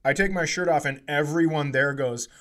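Animated storytelling man, raised pitch. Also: normal speed. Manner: animated, swearing, acts out heated quotes in a shrill voice. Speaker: comedian podcast co-host. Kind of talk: casual storytelling chat.

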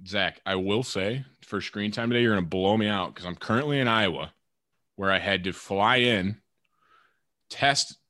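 A man's voice: lowish voice, pushed and bright, no echo, studio quality. A young man co-hosting a podcast in casual chat, rambling with lots of "like" and "literally". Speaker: podcast co-host, pro baseball player.

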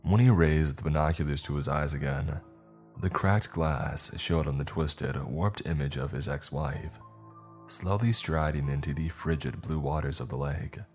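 A man with an extremely deep, low voice narrates a horror story. He tells it slowly and with measured care, and faint music plays softly underneath.

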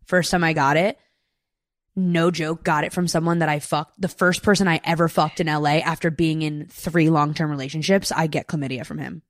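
A woman's voice: low-pitched, fairly even intonation, brisk, no room sound, clean studio sound. A young woman guest on a podcast, chatting casually, blunt and candid, with many filler words. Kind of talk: casual chat. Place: Los Angeles.

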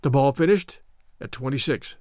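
A man narrating a classic adventure story in a clear, even storytelling read. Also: mid-range voice, normal speed, dry recording, studio quality.

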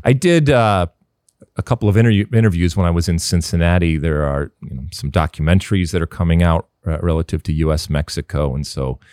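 A man's voice: a bass voice, a little mellow, dry recording, studio quality. A middle-aged man hosting a casual sports podcast, talking emphatically and with strong opinions, full of fillers and restarts. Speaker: podcast host.

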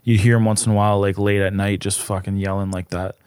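A man's voice: on the low side, little pitch movement, quick pace, a little mellow, clean tone, dry recording, studio quality. A young man co-hosting a podcast, chatting casually and defending himself in joking banter. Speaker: podcast co-host. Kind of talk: casual chat.

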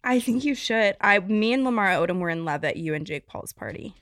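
A woman's voice: medium pitch, expressive, fairly quick, fairly bright tone, no echo, clean studio sound. A young woman co-hosting a podcast, chatting casually in a self-mocking way with frequent restarts. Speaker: podcast co-host. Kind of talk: casual chat.

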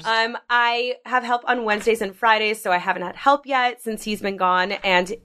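A woman's voice: fairly high pitch, steady tone, normal speed, pushed and bright. A woman in her thirties co-hosting a casual podcast, telling stories in a chatty way full of "like" and acting out quoted lines. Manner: chatty storyteller, heavy use of "like", acts out quotes. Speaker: podcast co-host. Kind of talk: casual chat.

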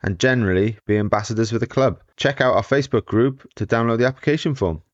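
A man hosting a cycling podcast, chatting in relaxed banter. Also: mid-range voice, quick pace, dry recording, dull audio. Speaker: podcast host. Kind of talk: casual chat.

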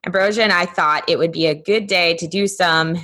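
A woman with a somewhat low voice chats casually as a podcast co-host. She rambles through stories with plenty of fillers. She is heard through a remote call microphone. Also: a little fast, sharp tone. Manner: chatty storyteller, many fillers. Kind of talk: casual chat.

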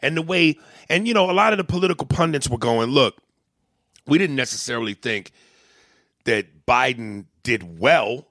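A man's voice: medium pitch, moderate pace, no room sound, clean studio sound. A man arguing politics in a heated, profane way, often retelling and acting out what others said. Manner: heated, profane, animated storytelling. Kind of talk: casual political debate.

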